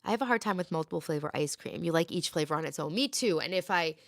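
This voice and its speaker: A woman's voice: sits low, animated, quick pace, gravelly. A woman in her thirties chatting playfully with viewers on a casual home livestream. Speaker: livestream host. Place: home, indoors.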